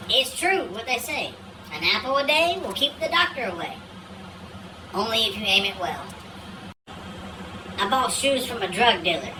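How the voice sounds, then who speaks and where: A woman's voice: a little high, animated, moderate pace, long pauses, distant mic, noisy background. A woman telling a string of one-liners and dirty jokes in a dry, matter-of-fact way. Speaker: joke teller. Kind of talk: deadpan joke telling.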